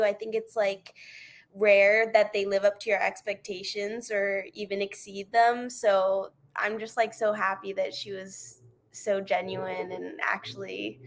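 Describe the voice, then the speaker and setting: Woman cohosting a podcast, chill chat, warm and curious, asks follow-ups. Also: medium pitch, creaky. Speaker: podcast co-host. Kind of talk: casual chat.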